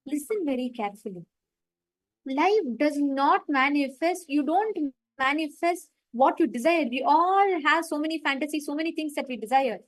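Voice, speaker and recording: A woman's voice: sits high, expressive, moderate pace, poor audio. A woman facilitating a live online meditation session, retelling a story and stressing her points.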